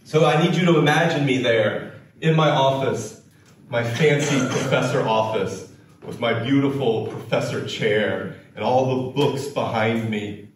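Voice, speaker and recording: Slow-paced man telling a story in an echoey hall. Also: medium pitch, recorded from a distance, slight background noise. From United States. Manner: slow, dramatic storytelling with acted quotes. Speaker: keynote speaker. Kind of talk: storytelling talk on stage.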